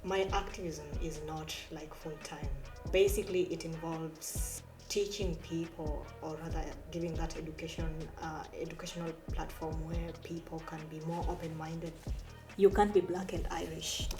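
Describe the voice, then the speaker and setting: Woman making her point in a group chat, lowish voice, music behind, echoey. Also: flat delivery, moderate pace, far from the mic. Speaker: panel guest, part-time activist. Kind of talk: casual group discussion. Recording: echoey room, music underneath.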